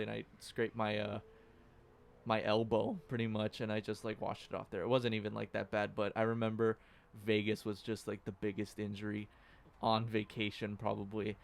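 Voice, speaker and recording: A young man co-hosts a podcast, his voice on the low side with vocal fry and a clear, resonant tone. He casually tells a story, laughing between lines.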